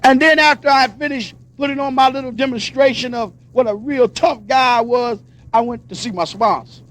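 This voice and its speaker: A man's voice: extremely high pitch, normal speed, fairly bright tone. A man from Pennsylvania giving a personal testimony speech at a recovery convention, telling his story emphatically and acting out the dialogue. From Pennsylvania, USA.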